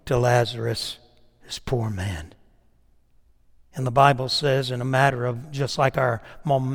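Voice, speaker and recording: A man preaching a sermon, swinging from hushed asides to loud, emphatic peaks. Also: medium pitch, big-room sound. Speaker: pastor.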